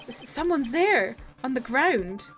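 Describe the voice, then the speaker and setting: A woman voicing a young male defense lawyer, earnest and flustered, reading game dialogue in a lowered voice. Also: very animated, slow, fairly bright tone, faint music behind, full character voice.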